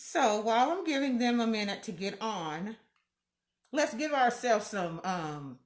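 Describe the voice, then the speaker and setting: A woman's voice: on the high side, animated, unhurried. A woman hosting a casual live stream from home, greeting viewers by name and laughing often. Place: room at home. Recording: echoey room.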